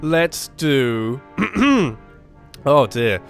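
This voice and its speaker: A man's voice: medium pitch, extremely slow, vocal fry, soft background music. Rambling man with a sore throat. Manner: rambling, self-correcting, excitable outbursts. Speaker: gaming channel host. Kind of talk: let's play commentary.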